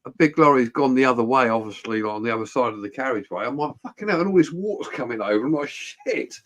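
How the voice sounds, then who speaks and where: A British man in casual chat, telling anecdotes with lots of swearing and quick mimicry. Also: mid-range voice, expressive, fairly bright tone. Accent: British English. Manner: swears freely, storytelling, mimics voices.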